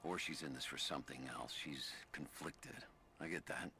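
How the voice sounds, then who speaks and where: Murderous cult soldier, extremely deep gravelly voice with a sharp edge; soft, menacing delivery. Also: male voice, heavily acted. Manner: slow, quiet, menacing. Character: calm male cult soldier who enjoys killing.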